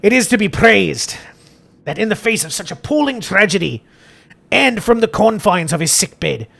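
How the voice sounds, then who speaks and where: Scottish priest, put on by a man, rolled Rs, theatrical, slow, gravelly. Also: sits high, very animated, bright, forceful tone, exaggerated voice. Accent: Scottish, exaggerated put-on. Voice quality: heavy rolled Rs. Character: Scottish-accented male priest reading a diary.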